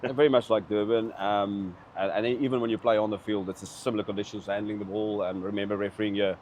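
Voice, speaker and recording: A man's voice: fairly low pitch, flat delivery, quick pace, darkish tone, slight background noise. A man from South Africa, a former rugby referee, talking easily as a podcast guest and laughing often. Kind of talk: casual chat.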